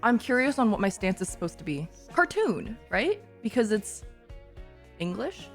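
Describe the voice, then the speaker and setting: A woman streamer chatting casually while reacting to a show, gushing, giggly and excitable, with frequent swearing. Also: medium pitch, moderate pace, faint music behind.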